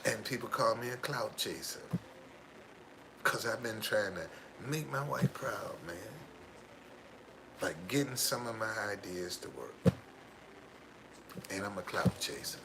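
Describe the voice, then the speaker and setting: A man's voice: fairly low pitch, animated, a little slow, creaky, long pauses, noisy background. A man telling his own life story in an emphatic way, repeating his key phrases for weight. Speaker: driver. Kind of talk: personal storytelling monologue.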